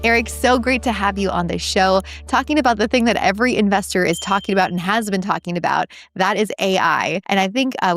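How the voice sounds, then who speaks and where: A woman's voice: mid-range voice, dry recording, studio quality. A woman hosting a show, interviewing a guest in a conversational way with occasional fillers. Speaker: show host.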